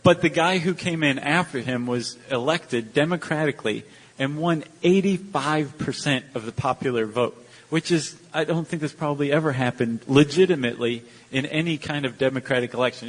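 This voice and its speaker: A man co-hosting a podcast in front of a live audience, trading jokes and quick asides. His voice sits in the middle range. A long hall reverb trails behind him from the venue. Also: mid-range voice. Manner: joking, chatty, quick asides. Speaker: podcast co-host.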